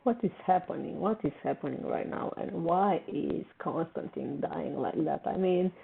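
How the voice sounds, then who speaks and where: Hosting a casual TV reaction video, a woman speaks emotionally and repeats herself when upset. Her voice sits low and creaky at a normal speed. The audio sounds tinny and phone-like, with faint noise.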